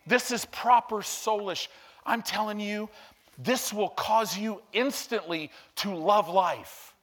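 A male preacher giving an emphatic, animated sermon that swings from hushed to loud. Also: high-pitched, slow pace.

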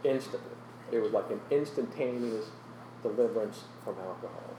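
A man's voice: lowish voice, moderate pace, roomy sound, recorded from a distance, noisy background. Earnest man telling his testimony. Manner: earnest storytelling, often drops to a soft, emotional voice. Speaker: guest sharing his testimony. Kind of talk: personal testimony in a Christian interview.

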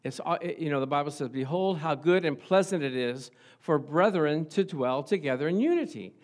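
A middle-aged man preaching a sermon as pastor, animated and calling out for amens. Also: a little high, moderate pace. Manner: animated, asks the congregation for amens. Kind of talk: lively sermon.

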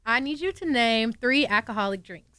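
A woman guest with a fairly high, smooth, clear voice, recorded dry and close. She reads questions in an easygoing, amused way. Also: expressive, normal speed, pushed and bright, no echo. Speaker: podcast guest reading questions. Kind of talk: casual podcast banter.

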